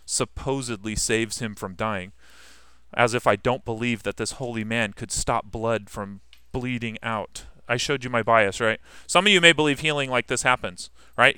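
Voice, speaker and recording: A man's voice: mid-range voice, bright, forceful tone, clean tone, dry recording, studio quality. A man teaching a history class in a casual, conversational way, asking his students questions and answering them himself.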